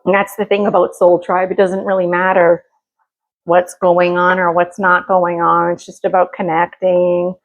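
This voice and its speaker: A woman's voice: fairly low pitch, monotone, moderate pace, muffled recording. A middle-aged woman hosting her own home cooking vlog, talking in a rambling, chatty way with many fillers while she cooks. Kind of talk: casual cooking chat.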